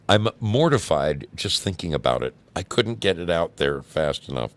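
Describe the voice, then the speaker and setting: A man's voice: deep voice, very animated, moderate pace, few pauses. A man hosting a show from home, reading embarrassing stories aloud with wry, amused asides. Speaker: podcast host.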